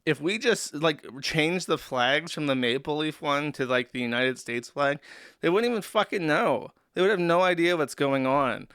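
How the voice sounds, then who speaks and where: Bright, crisp-voiced streamer man. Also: a little high, animated, moderate pace, dry recording, studio quality. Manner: rambling, profane, sarcastic joking. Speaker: streamer host. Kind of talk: livestream commentary.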